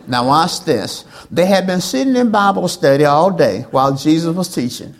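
A woman's voice: low voice, lively intonation, normal speed. Call-and-response woman preacher. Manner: prompts the congregation to answer back; repeats phrases for emphasis.

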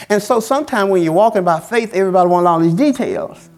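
A man's voice: sits high, fast, creaky. A man preaching a sermon as pastor, in a colloquial, folksy style, repeating phrases in a call-and-response cadence.

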